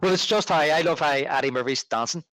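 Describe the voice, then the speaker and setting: A man's voice: on the high side, quick pace, fairly bright tone, no room sound, poor audio. A man co-hosting a film podcast, chatting casually and enthusiastically, often restarting his sentences. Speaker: podcast co-host.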